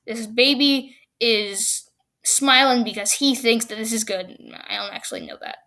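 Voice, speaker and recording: A woman hosting her own vlog channel, talking excitedly about movie predictions and often stumbling and restarting her sentences. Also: fairly high pitch, unhurried. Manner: excitable, rambling with many restarts. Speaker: YouTube channel host.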